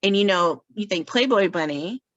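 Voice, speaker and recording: A woman's voice: mid-range voice, animated, moderate pace, fairly bright tone, no room sound, muffled recording. A woman in casual podcast chat, talking in a chatty, self-mocking way and laughing often. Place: podcast recording.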